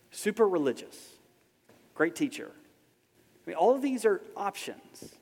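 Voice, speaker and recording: A man preaching a sermon in a casual, conversational way, dropping soft and then rising to emphatic. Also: a little high. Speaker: pastor. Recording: long hall reverb.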